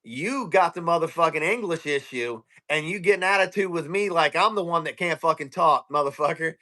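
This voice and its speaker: Brief: man in casual chat, high and bright voice, profane ranting storyteller. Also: normal speed.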